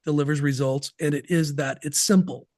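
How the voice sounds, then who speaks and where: A man's voice: a little high, steady tone, moderate pace, darkish tone, no room sound, studio quality. A man guesting on a podcast interview, talking about business systems in an emphatic, folksy way with sports analogies.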